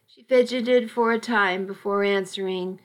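A woman reading a first-person story aloud in a measured, even storytelling delivery. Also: mid-range voice. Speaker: audiobook narrator. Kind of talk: first-person scripted narration.

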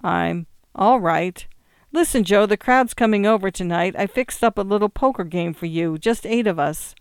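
A reader voicing a fond, clingy woman in a storybook, with a high cooing tone. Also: moderate pace, clean tone, no room sound, clean studio sound, close to an everyday voice.

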